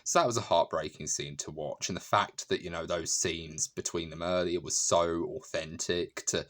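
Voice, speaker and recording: A man with a very low, deep voice talks through a film he loved in a casual review monologue. He rambles warmly, restarting sentences and leaning on "you know." Laughter breaks in often. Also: steady tone, moderate pace. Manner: chatty and emotional, frequent fillers and restarts; laughs often while talking.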